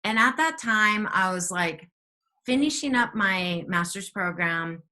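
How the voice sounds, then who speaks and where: A woman co-hosting a spiritual talk show, telling stories in a chatty, animated way. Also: medium pitch, unhurried. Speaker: podcast co-host, teacher.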